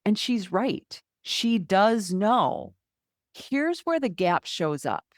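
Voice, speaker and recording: A woman's voice: mid-range voice, sing-song, takes it slowly, no echo, studio quality. A middle-aged woman hosting a solo podcast as a health coach, talking candidly and conversationally, often acting out inner thoughts.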